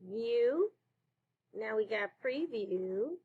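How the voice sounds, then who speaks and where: A woman teacher leading a slow phonics lesson for children, praising answers. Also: on the high side, expressive, phone-quality sound. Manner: slow, clear classroom delivery with praise.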